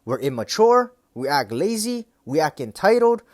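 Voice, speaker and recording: A man's voice: fairly high pitch, big pitch swings, moderate pace, a little mellow, no echo, studio quality. Profane young man ranting to camera. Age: young adult. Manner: profane, repetitive, keeps asking "right?". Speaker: vlogger. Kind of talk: casual rant to camera.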